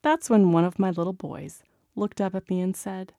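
A woman narrates a magazine article with expressive storytelling. Her voice sits low with a gravelly, creaky edge and a dark, mellow tone. The sound is close and dry. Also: normal speed, no room sound.

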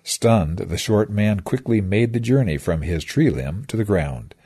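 A man's voice: on the low side, lively intonation, unhurried, dark tone, breathy edge. A man reading a scripted devotional that retells scripture stories with reflective, dramatic storytelling. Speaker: devotional speaker.

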